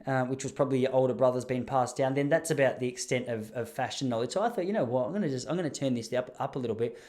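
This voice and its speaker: A young man from Gippsland with an Australian accent, hosting a podcast and telling rambling, self-mocking stories. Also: medium pitch. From Traralgon, Gippsland, Australia. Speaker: podcast host. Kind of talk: casual storytelling.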